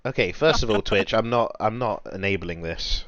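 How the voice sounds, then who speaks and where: A man's voice: lowish voice, normal speed, a bit bright. Teasing male streamer, lo-fi sound. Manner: teasing, laughing, defensive. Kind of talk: casual chat on stream.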